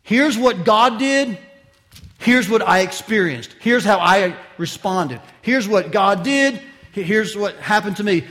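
High-voiced man preaching with emphasis. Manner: emphatic, with swings from loud to quiet; addresses listeners directly with questions. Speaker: pastor. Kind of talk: expository sermon.

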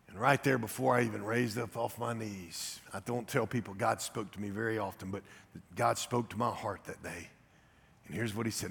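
A middle-aged man preaching a sermon, telling a personal story with big swings from loud to hushed. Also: on the low side, fairly quick, creaky, slightly rough. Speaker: guest preacher. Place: church sanctuary. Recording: reverberant church hall.

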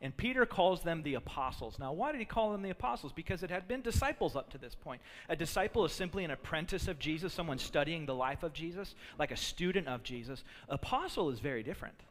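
A man preaching a sermon as a pastor, animated and storytelling, acting out quotes from the people in his story. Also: fairly high pitch, quick pace, hardly any pauses. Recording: long reverb of a large hall.

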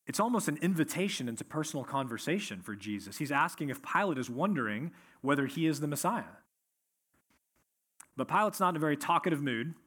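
A man's voice: a little high, a bit bright, breathy edge. A man preaching an expository sermon, reading scripture aloud and then explaining it verse by verse. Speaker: pastor.

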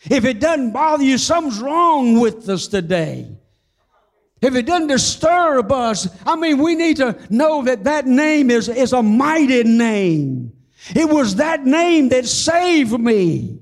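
An older man preaching with a strikingly high voice. He tells his testimony in a folksy, humorous way and slows to a fervent crawl on the words he wants to land. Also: big pitch swings. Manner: fervent, slows down on key phrases. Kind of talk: sermon with personal testimony.

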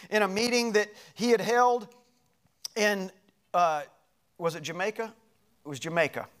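A middle-aged male pastor telling a personal story in a sermon, animated and moving between loud passages and hushed ones. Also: sits high, clean tone.

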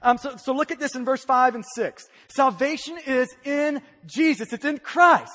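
A male pastor delivers a sermon in a strikingly high voice. He swings from hushed, quiet lines to loud, emphatic ones. His words ring out in the long reverb of a large church hall. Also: normal speed. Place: church sanctuary.

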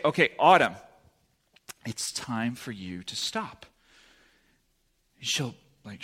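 Bright-voiced young male preacher. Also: mid-range voice. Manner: casual, often checks in with "right?". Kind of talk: conversational sermon.

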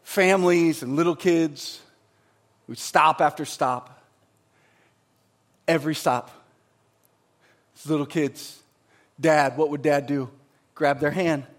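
A man preaching in a church with a voice set high for a man. He is emphatic and swings between loud bursts and hushed passages. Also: fairly even intonation, slow pace, long pauses. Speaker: pastor. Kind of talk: sermon.

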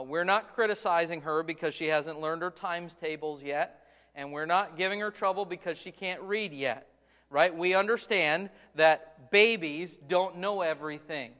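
A man's voice: fairly high pitch, fairly bright tone, big-room sound. A man preaching a sermon in a church sanctuary, stressing his points and often repeating words as he goes. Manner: preaching with rising emphasis and frequent repeated words. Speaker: pastor.

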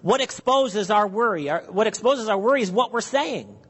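A man's voice: high voice, animated, normal speed, a bit bright, breathy edge, in a large hall. A man preaching an earnest sermon, acting out worried questions and prayers to his listeners. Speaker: pastor.

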